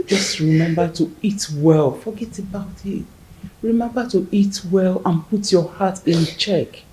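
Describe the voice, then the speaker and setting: A woman's voice: on the low side, warm tone, poor audio. A soothing motherly widow. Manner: soothing and earnest. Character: motherly middle-aged widow comforting a friend. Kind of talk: film drama acting.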